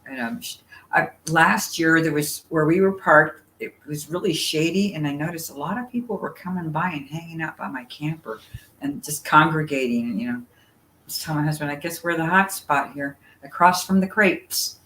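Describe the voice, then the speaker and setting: A woman guest telling stories in a chatty, animated way, full of fillers, talking over a video call from outdoors by her camper. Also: low-pitched, normal speed. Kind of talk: casual storytelling chat. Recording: roomy sound with faint ambience.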